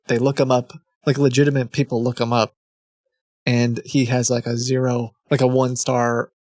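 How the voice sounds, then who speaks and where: A man's voice: mid-range voice, darkish tone, dry recording, clean studio sound. Exasperated man rambling through a story. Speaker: streamer and host of a scam-baiting show. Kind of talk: casual chat.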